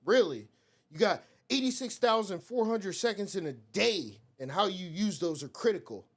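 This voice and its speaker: A man's voice: high voice, animated, moderate pace. A young man talking bluntly and with profanity as a guest on a casual podcast. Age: young adult.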